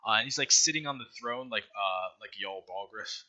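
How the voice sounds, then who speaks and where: A man running a tabletop role-playing game, narrating the scene in a loose, casual way packed with fillers. His voice is fairly low yet very bright and sharp-edged. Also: normal speed, muffled recording. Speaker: game master.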